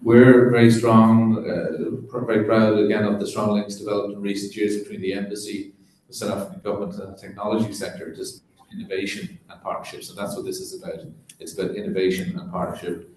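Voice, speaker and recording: A man who is an ambassador from Ireland, giving a formal welcome speech at an event, measured and halting with fillers. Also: lowish voice, little pitch movement, darkish tone. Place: large echoey event hall. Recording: echoey hall.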